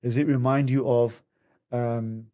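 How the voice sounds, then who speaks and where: A man talking on a podcast as a family counsellor, animatedly acting out quotes in higher voices. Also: level tone, unhurried, mellow. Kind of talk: podcast conversation.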